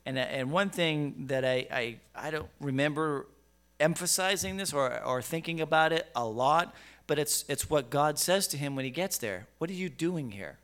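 A middle-aged man preaching in a high, bright, crisp voice. He talks to his congregation like a conversation, stumbling over repeated words, then pushing into emphatic bursts. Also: normal speed. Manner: stammering restarts, rising to emphatic bursts. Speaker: pastor. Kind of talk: conversational sermon.

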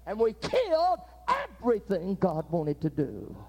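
Older preacher, folksy stories, lively up and down pitch, gets loud in bursts. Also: male voice, a little slow. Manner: folksy storytelling preaching with sudden loud outbursts. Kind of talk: sermon.

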